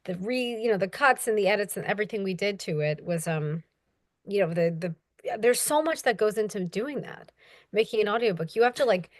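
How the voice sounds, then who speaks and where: A woman's voice: fairly quick, dry recording, studio quality. A young woman, an audiobook narrator, chatting casually as an interview guest and acting out quoted voices. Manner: animated, acts out quoted voices with big pitch jumps.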